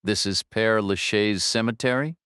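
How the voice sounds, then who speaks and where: A calm female government agent asks quiet, probing questions, voiced by a man reading an audiobook. The voice stays low and smooth, with a dry, close sound. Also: moderate pace, no room sound, lightly acted. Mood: quiet questioning.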